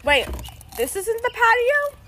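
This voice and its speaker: A young woman chatting excitedly while taste-testing snacks in a backyard, laughing and squealing. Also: extremely high pitch, unhurried. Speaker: co-host. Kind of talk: casual chat taste test. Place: outdoors in a backyard. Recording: outdoor noise, birds. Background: birds and wrapper crinkling.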